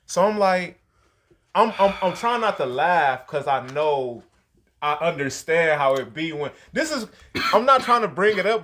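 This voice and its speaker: A man's voice: fairly high pitch, big pitch swings, normal speed, a bit bright. A man, hosting a podcast and telling a story in casual, slangy, profane talk. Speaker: podcast host.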